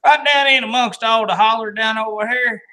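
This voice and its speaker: A man's voice: very high voice, fairly even intonation, brisk, pushed and bright, voice pushed up. A man putting on an exaggerated country drawl as a folksy salesman, playful. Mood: hammy.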